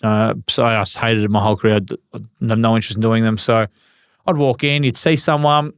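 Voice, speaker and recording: An Australian man in his forties tells stories in a smooth, resonant voice. He is laid-back, swears freely and laughs through his anecdotes. The sound is dry and close. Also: on the low side, steady tone, brisk, no room sound. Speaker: guest, retired footballer. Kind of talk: casual storytelling interview.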